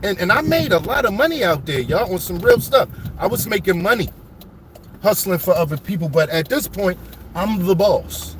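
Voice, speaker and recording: A man with a somewhat high voice tells old street stories as he drives through his neighborhood. He talks straight to his viewers, animated, loose and full of slang. Faint city traffic hums behind him. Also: normal speed. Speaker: vlogger telling his life story. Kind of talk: casual street storytelling. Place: driving around a city neighborhood.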